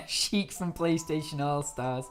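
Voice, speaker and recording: A woman chatting through a live gameplay stream, easily startled and quick to laugh. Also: sits low. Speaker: game streamer.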